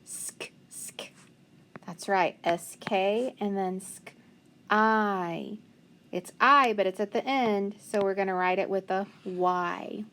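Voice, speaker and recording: Slow, patient woman teaching phonics. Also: mid-range voice, fairly even intonation, a bit bright. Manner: slow, patient, encouraging, sounding out letters. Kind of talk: phonics spelling lesson.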